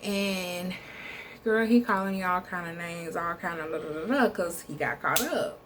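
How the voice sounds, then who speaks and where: A young woman from Texas with a Southern US accent telling a casual storytime vlog, animated and profane, calling the viewer "girl", recorded on a phone. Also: fairly low pitch, a little fast, slight background noise. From Texas, USA.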